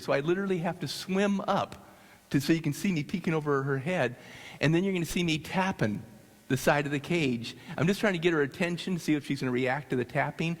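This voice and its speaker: Animated man telling a story in a hall. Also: a little high. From United States. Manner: animated, halting with restarts. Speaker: speaker. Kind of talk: storytelling talk. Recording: long hall reverb.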